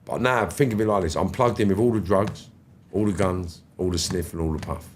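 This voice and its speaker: Deep london guy, 50s, swearing, slangy and animated, telling his story to a podcast host. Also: a little fast, a little hiss or hum. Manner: animated, swears freely, slangy street talk. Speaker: podcast guest. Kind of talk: storytelling interview.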